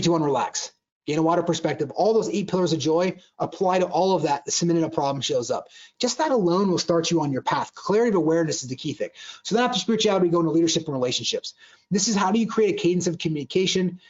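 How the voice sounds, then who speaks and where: A man giving an earnest motivational talk, often restarting sentences and acting out quoted conversations. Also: fairly high pitch. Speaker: speaker on joy at work. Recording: dull lo-fi sound.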